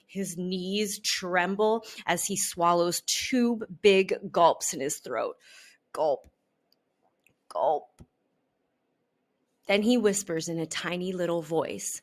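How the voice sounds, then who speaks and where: Woman, children's story read-aloud, expressive, slow pace, lowish voice. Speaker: storybook reader.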